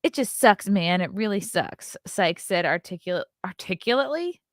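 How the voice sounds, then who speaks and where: A woman's voice: mid-range voice, lively intonation, moderate pace, no echo, studio quality. A woman hosting her own show, reading news stories aloud and breaking off for sarcastic, profane, scornful asides. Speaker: host.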